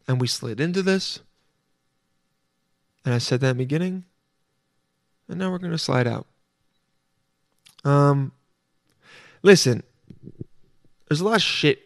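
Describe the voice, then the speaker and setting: Male podcast host, rambling profane riffs, slightly high voice, dry close mic. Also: lively intonation, a little slow, creaky, pauses often, dry recording. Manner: rambling, profane, self-interrupting. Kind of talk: casual solo monologue.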